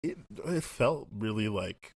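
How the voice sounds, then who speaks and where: A man's voice: on the low side, expressive, unhurried, gravelly, dry recording. A man co-hosting a casual movie review podcast, rambling and laughing as he acts out quotes. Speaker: podcast co-host.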